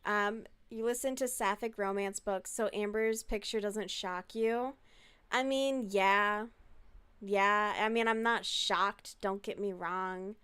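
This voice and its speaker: A woman's voice: mid-range voice, steady tone, takes it slowly, fairly bright tone, clean tone. A woman talking in a casual, chatty way on a live stream, answering chat messages and swearing freely.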